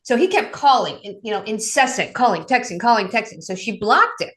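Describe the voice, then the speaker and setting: Lively woman telling addiction stories. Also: fairly quick. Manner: lively, acts out quotes with raised pitch. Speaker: addiction coach guest. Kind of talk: animated storytelling in casual interview.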